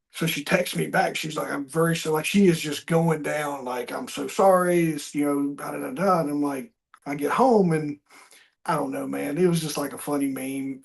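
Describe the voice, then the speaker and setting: Middle-aged guy host, chatty, acts out who said what, fairly high voice for a guy. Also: creaky. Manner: animated storyteller, acts out quoted dialogue. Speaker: podcast host. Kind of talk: casual interview chat.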